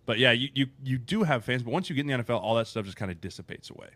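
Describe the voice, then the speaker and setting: A man's voice: medium pitch, expressive, rapid-fire, fairly bright tone, no room sound. A man from Denver, a former player turned agent, chatting casually on a podcast and often tagging his points with "right?". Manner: conversational, says "right?" and "like" often. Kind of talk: casual chat.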